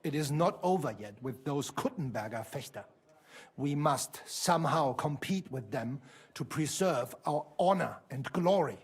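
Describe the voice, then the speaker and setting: Game role: a haughty middle-aged German sword master with a German accent, husky and animated, slightly high. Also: male voice, a little slow, exaggerated voice. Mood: proud, aggrieved. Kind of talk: game voice acting.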